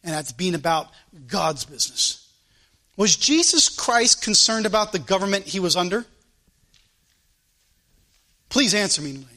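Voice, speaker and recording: A man preaches from the pulpit in a high, bright voice. He hammers his points with repeated questions and pleading calls. In prayer he tacks a short refrain onto nearly every phrase. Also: big pitch swings, unhurried, pauses often. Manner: impassioned preaching, rising to pleading exhortation; repetitive fervent prayer, short refrains after each phrase. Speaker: pastor. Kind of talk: sermon and closing prayer.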